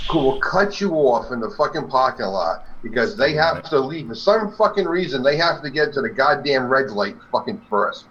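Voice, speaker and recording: A man's voice: mid-range voice, fairly bright tone. A man on a live-stream talk show, ranting heatedly and swearing constantly. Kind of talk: profane rant. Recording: dull lo-fi stream audio.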